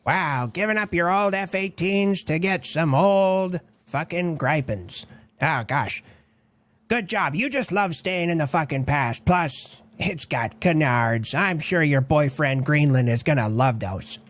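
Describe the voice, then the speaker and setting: A man's voice: a little high, expressive, measured pace, a bit bright. A man in a comedy sketch, talking in a mocking, sarcastic and profane way.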